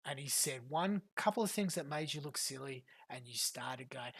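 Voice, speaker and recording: A woman's voice: rumbling low, animated, slightly rough. A woman streamer giving a profane, mocking reaction commentary to a clip. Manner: profane, fast mocking rants.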